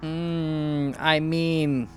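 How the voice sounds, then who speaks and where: A man playing a tabletop game, chatty and hesitant, thinking out loud. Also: a little high, level tone, extremely slow, soft background music. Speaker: player. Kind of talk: casual tabletop play.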